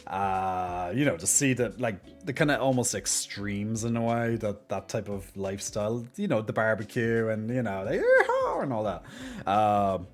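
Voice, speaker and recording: A man's voice: lowish voice, moderate pace, faint music behind. Rambling Irish man chatting on stream. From Ireland. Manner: rambling, lots of fillers, swears casually. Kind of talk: casual chat with viewers.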